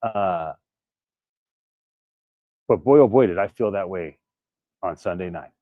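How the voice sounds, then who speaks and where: Weak, earnest man with a low voice. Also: animated, slow, no room sound, phone-quality sound. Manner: candid, earnest, prone to restarts and little laughs. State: weak and recovering from illness. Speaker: vlogger. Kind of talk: casual storytelling to camera.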